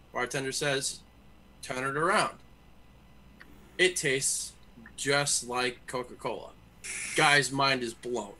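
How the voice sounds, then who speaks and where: A man on a casual panel telling a crude bar joke, with a lively punchline delivery. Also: mid-range voice. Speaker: panel member.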